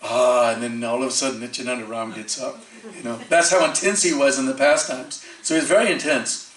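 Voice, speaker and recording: Brief: male temple speaker, lively storyteller, recorded from a distance in a roomy hall. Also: medium pitch, fairly quick. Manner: animated storyteller acting out quoted voices, frequent fillers. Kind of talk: storytelling sermon. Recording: echoey hall, distant mic.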